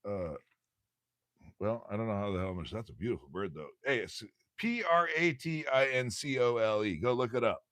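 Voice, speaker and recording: A man's voice: fairly low pitch, expressive, normal speed, a bit bright, dry recording. A man hosting a casual livestream, reading aloud from a bird textbook, stumbling over words and cracking jokes as he goes. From United States.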